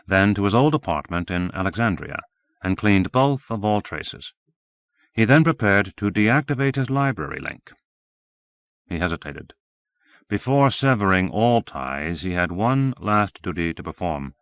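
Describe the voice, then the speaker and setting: A man reading a novel aloud as audiobook narrator in a steady, measured way. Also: deep voice, no echo.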